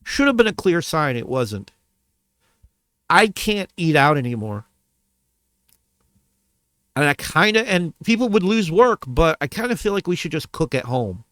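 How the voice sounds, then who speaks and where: A man rants straight into his camera, swearing and circling back over the same points. His fairly high voice swings up and down a lot and has a bright edge. The sound is dry and close. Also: very animated, measured pace, long pauses, no echo. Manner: profane, heated, repeats himself. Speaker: vlogger. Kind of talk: angry rant to camera.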